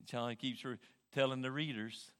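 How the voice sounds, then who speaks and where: A male pastor preaching a sermon in an animated way, often repeating words as he thinks. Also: medium pitch, moderate pace, clear, resonant tone. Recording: long hall reverb.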